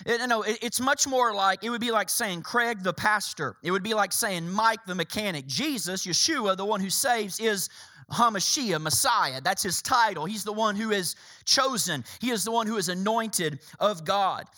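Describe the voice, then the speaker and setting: A man's voice: high-pitched, normal speed, pushed and bright. A male pastor preaching a sermon in a church, emphatic, repeating phrases and addressing the congregation directly. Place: church sanctuary.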